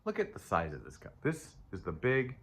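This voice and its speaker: A man's voice: fairly low pitch, huge pitch swings, moderate pace, vocal fry. A man giving a casual spiritual tarot reading, rambling and joking with himself as he talks. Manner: rambling, self-interrupting, playful asides. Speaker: tarot reader.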